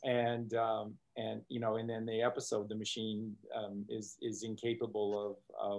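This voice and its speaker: A man's voice: fairly low pitch, darkish tone. Male guest, expansive, reflective talker, drifts between examples. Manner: expansive, thoughtful, draws on stories and film references. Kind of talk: casual discussion.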